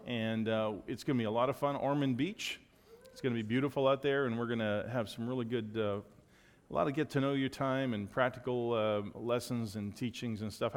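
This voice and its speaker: A man with a voice of ordinary pitch leads a church's announcements in a loose, joking way, with plenty of fillers. His voice carries a long reverb from the big sanctuary around him. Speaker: pastor giving church announcements. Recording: long reverb of a large hall.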